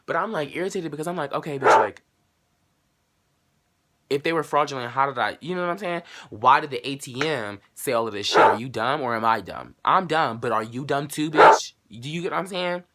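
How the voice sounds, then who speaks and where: Talking to camera in a casual vlog, a young man in his late teens spins a profane, lively story, playing every character with sudden shifts in pitch and loudness. His delivery is brisk with barely any pauses, and there's heavy background noise.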